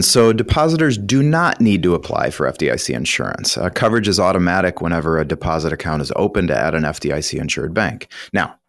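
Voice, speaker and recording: A man's voice: low voice, dry recording, clean studio sound. A man who is a retirement planning professional explaining finance on a radio talk show, emphatic and explanatory. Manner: explanatory, emphatic, occasional laughs.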